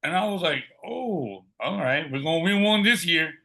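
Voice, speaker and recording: Brief: middle-aged man, guest storyteller, bright and forceful tone, acts out what others said. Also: a little high, moderate pace, gravelly. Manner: lively, acts out quoted dialogue. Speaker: podcast guest. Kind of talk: personal storytelling.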